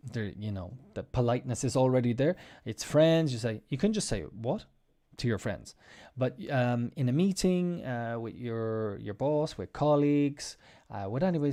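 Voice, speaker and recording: Man, English teacher, casual spoken lesson, mellow warm tone, mid pitch, patient, repeats example phrases. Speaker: podcast host.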